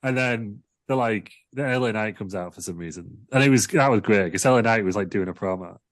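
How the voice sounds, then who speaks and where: A man co-hosting a casual wrestling chat, lively and given to acting out quotes. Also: lowish voice, a little fast, no room sound. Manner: animated, acts out wrestlers' lines in mocking put-on voices. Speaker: podcast co-host.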